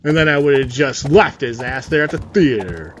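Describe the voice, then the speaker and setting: A man's voice: mid-range voice, lively intonation, normal speed, slight background noise. A man reading a story aloud and breaking in with profane, sarcastic asides. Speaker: story reader and commentator. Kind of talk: reading a story aloud with reactions over gameplay.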